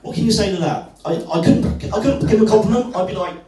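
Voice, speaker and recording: A man's voice: high voice, fast talker, dark tone, soft background music. A man performing stand-up comedy in a club, telling stories in a wry, self-deprecating way and chatting with the crowd. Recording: echoey club, far from mic, crowd.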